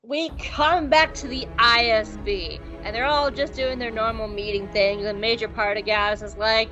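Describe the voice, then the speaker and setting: A woman co-hosts a podcast and chats through an episode recap in a loose, joking way, slipping into quick voices for the characters. Her voice sits somewhat high. Soft music plays faintly behind her. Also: steady tone, dull audio. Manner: playful, acts out characters in quick impressions. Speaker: podcast co-host. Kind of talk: casual recap chat.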